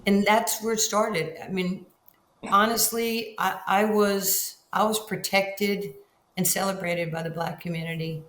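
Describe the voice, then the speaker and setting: A woman's voice: medium pitch, a little slow. A woman in her sixties from New York, a guest telling stories in an interview, acting out the voices she quotes. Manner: animated, acts out quoted voices. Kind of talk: storytelling interview. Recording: roomy echo, faint ambience.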